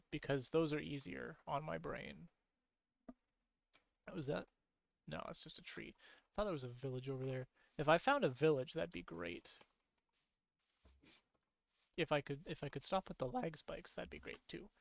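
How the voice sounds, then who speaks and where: A man giving casual, rambling gameplay commentary late at night, sleepy and yawning, who repeats himself and gets excited easily. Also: fairly high pitch, creaky, dry recording. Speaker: streamer.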